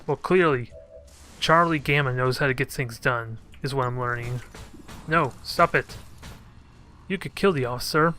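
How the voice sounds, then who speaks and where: A man's voice: medium pitch, normal speed, pauses often, pushed and bright, slight background noise. A man commenting casually on his own strategy gameplay, thinking aloud and cracking joking asides at his units. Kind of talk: casual let's play commentary.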